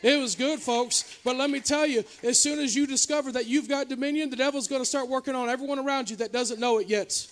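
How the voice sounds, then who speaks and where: A man preaching a revival sermon as a pastor, swinging between loud exhortation and quiet, confessional asides to the congregation. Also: fairly even intonation, quick pace, hardly any pauses. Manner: preaching with shifting loudness, from shouting highs to quiet confessional lows. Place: church revival service.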